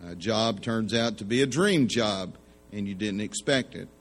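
A man's voice: fairly low pitch, measured pace. A man preaching a sermon in a folksy way, telling jokes and acting out the voices in his stories. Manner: folksy joke-telling, acts out voices in anecdotes. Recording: long hall reverb.

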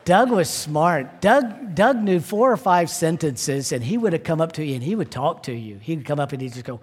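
A middle-aged man preaching a sermon as pastor, telling a personal story and closing in prayer, moving between lively and hushed delivery. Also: on the high side, normal speed, hardly any pauses, husky. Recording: long hall reverb.

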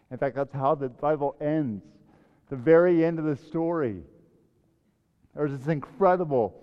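Male preacher, sermon, swells loud on scripture and drops soft to reflect; muffled sound with a long hall echo. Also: medium pitch, clear, resonant tone. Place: church sanctuary. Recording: echoey hall, dull sound.

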